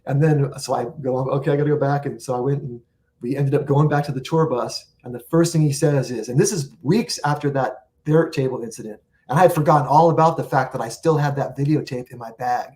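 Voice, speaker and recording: A man's voice: medium pitch, steady tone, fairly quick, a little mellow, slight background noise. A man as the guest on an interview show, telling long rambling anecdotes and acting out what people said. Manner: rambling anecdotes with acted-out quotes. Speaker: guest musician. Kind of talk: storytelling interview.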